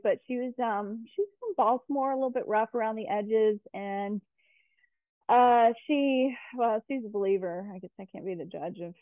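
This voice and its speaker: A woman's voice: on the high side, no room sound. A woman guest in a casual interview, chatty and full of fillers and restarts. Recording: tinny phone-like line.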